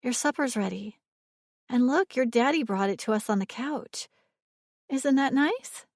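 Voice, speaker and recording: A woman voicing a kind young woman who coaxes a small child in a soft, sing-song voice. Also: on the high side, lively intonation, normal speed, no echo, studio quality, pitched above the performer's own voice. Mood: coaxing.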